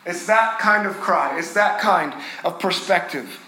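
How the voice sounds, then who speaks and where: A man preaching a sermon as pastor, earnest, rising and swelling on key phrases and dropping soft and low on tender moments. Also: measured pace, heavy reverb, a little hiss or hum, low-quality recording.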